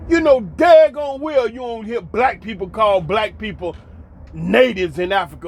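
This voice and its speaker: A high-pitched American man hosts a monologue commentary at a moderate pace, his voice swinging widely in pitch. He preaches emphatically, repeats lines for effect, and mocks along the way.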